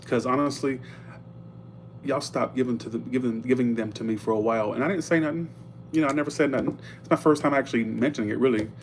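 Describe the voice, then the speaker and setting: Man, tarot reader, casual livestream, chatty, blunt, medium pitch, faint hum behind. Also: quick pace. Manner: chatty and blunt, thanking viewers for tips. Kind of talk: casual live tarot reading.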